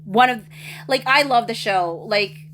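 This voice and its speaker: A woman hosting a livestream, reading viewer comments and rambling excitedly with many restarts. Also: a little high, measured pace, noisy background. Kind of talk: casual chat.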